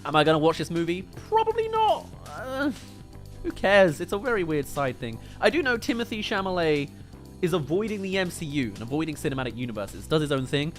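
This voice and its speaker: Brief: British male streamer, fairly high and very animated, casual chatty movie commentary. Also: soft background music. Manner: chatty, answers viewer comments with quick jokes. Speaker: movie review livestream host.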